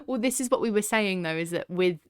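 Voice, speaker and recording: A young woman from the UK co-hosting a film podcast in casual chat, eager and animated. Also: mid-range voice, fairly quick, clear, resonant tone. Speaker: podcast co-host.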